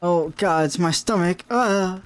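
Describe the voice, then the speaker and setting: A man voicing a hurried, hardworking young man from a game, reading the lines briskly and curtly. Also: high-pitched, smooth, soft background music, pitched above the performer's own voice. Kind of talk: reading game dialogue aloud.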